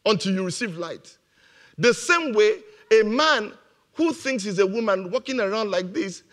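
A man's voice: high voice, animated, normal speed, fairly bright tone. A man preaching a motivational sermon, emphatic and repeating his key phrases, laughing now and then at his own jokes.

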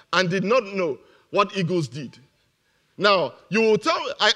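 A man's voice: high-pitched, fairly bright tone. A man preaching a motivational sermon, emphatic and repeating his key phrases, laughing now and then at his own jokes.

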